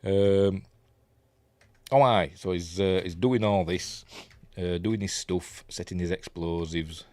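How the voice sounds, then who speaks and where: Low-voiced Yorkshire man rambling through a film. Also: takes it slowly, darkish tone, dry recording. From Yorkshire, England. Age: middle-aged. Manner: rambling and chatty, lots of ums, dry wry jokes. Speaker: film review host. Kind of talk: casual film commentary over footage.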